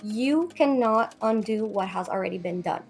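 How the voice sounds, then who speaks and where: A woman's voice: mid-range voice, normal speed, faint music behind. A woman in casual chat about mental health, speaking earnestly and directly to listeners.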